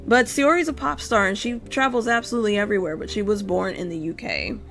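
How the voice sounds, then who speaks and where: Gravelly-voiced woman streamer chatting while drawing. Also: medium pitch, lively intonation, fast talker, fairly bright tone, soft background music. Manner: rambling, self-interrupting, swears casually. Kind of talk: casual live-stream chat while drawing.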